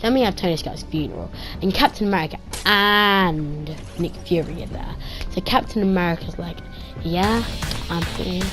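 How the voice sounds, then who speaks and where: A woman giving a casual spoken movie review, retelling scenes excitedly with pew-pew sound effects and drifting into quiet, rambling asides. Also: lowish voice, moderate pace, over music.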